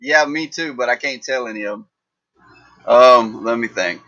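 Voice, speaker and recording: A man's voice: medium pitch, moderate pace, pushed and bright, muffled recording. A man hosting a livestream, telling jokes in a rambling, folksy way. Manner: rambling, folksy, lots of fillers. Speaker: livestream host. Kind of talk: casual live-chat joke telling.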